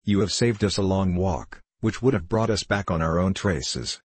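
A man's voice: low-pitched, moderate pace, husky, no echo. A man reading Sherlock Holmes, cool and shrewd. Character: cool, shrewd male detective, calm and sure of himself. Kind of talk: audiobook character reading.

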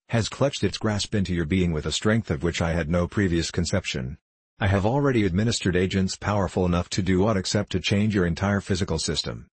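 A man's voice: deep voice, breathy edge, no echo. A man reading a fervent obsessed scientist. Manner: impetuous, earnest old-fashioned speech. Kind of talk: audiobook reading.

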